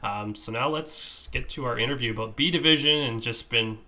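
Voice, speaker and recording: A man co-hosts a podcast with a bright, forceful voice. He speaks in an easygoing way and reads out lists with the odd stumble. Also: mid-range voice, brisk. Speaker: podcast co-host. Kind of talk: casual podcast chat.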